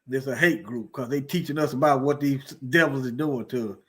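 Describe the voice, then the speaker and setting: A man's voice: medium pitch, fairly quick, fairly bright tone. A man commenting on news articles in a heated, preaching way, firing off rhetorical questions and repeating lines for emphasis.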